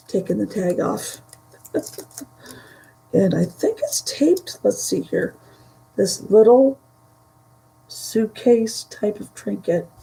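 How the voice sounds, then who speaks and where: A woman chatting casually through a vintage haul, halting and giggly, her voice starting to go from a dry throat. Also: medium pitch, mellow, poor audio. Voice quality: gravelly, slow and halting. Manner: chatty, giggly, trails off mid-sentence. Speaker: vintage reseller showing a haul. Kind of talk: casual chat to a live audience.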